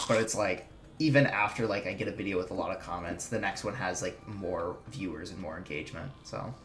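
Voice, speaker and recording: A streamer and video maker with a slight Minnesota accent chats casually while gaming, rambling with lots of fillers and restarts. His low-pitched voice is brisk and fairly bright, with faint music behind him in an echoey room with clear background noise.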